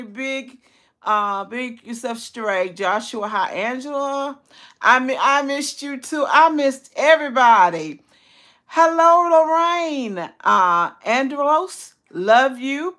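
Woman, older, livestream host, bright high voice, slow unhurried delivery, reads comments aloud. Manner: reads out viewer comments, greets them warmly by name; excited high squeals and laughter when greeting friends. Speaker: cooking channel host. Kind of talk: casual livestream chat.

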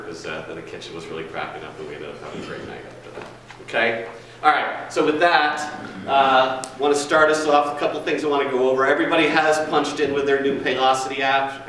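A man's voice: medium pitch, a bit bright. A man telling a folksy, rambling workplace story, then running a staff training session in a large meeting room. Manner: rambling, folksy, chatty with fillers. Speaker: food and beverage trainer. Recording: distant, very echoey room with faint noise.

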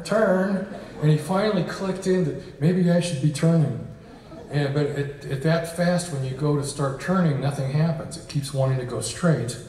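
A man's voice: medium pitch, mellow, slight background noise. A man giving an informal lecture to an audience, conversational and full of ums and uhs. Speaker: guest speaker. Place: reception hall with an audience. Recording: echoey hall, mic at a distance.

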